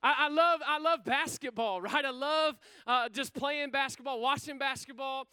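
Fervent high-voiced pastor preaching. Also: male voice, moderate pace, pushed and bright, no echo. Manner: fervent, calls out to the congregation. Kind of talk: sermon. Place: church sanctuary.

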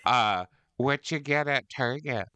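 A man's voice: medium pitch, slow, sharp tone. A man co-hosting a podcast in casual comedic chat, playful and teasing, often slipping into little bits. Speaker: podcast co-host.

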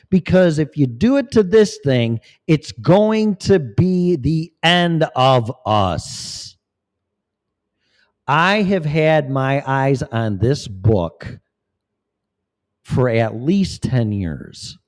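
A man's voice: fairly high pitch, animated, drawn-out words. A man talking in a rambling, profane, preachy monologue as a vlogger. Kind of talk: casual monologue.

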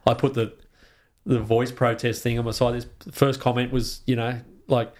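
An Australian man speaking as a guest in a relaxed podcast chat. His voice sits at an ordinary middle pitch, and he talks with real passion, swearing freely and restarting sentences as his thoughts race ahead. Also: moderate pace. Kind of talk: casual conversation.

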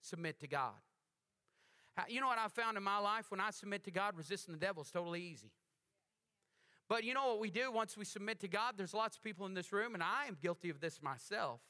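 A pastor preaches a sermon in a high-pitched voice, talking fast and animatedly. He throws call-and-response questions out to the congregation.

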